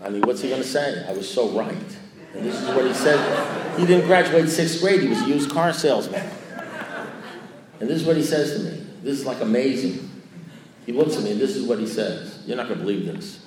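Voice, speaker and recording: A man's voice: medium pitch, animated, a little fast, noisy background. Man, storyteller at a recovery meeting, rambling and self-mocking, mid-range voice, roomy echo. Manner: repetitive, self-mocking, acts out quoted lines. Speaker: speaker sharing a recovery story. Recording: echoey room.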